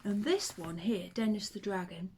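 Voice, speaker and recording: A woman, chatting to the camera and telling old stories in a relaxed, reminiscing way. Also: medium pitch, moderate pace, husky. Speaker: vlogger. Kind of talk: casual chat to camera.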